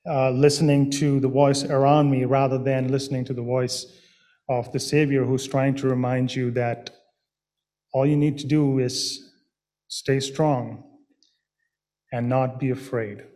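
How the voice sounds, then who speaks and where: A man preaching a sermon in a slow, earnest way, pausing with fillers and restarting his phrases. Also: medium pitch, dark tone.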